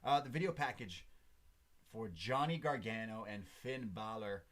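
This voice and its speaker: A man with a somewhat low voice co-hosts a casual wrestling podcast. He recaps matches in a loose, joking way, with plenty of ums and uhs. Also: unhurried, a bit bright. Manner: joking, recaps with lots of fillers. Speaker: podcast co-host. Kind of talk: casual wrestling review chat.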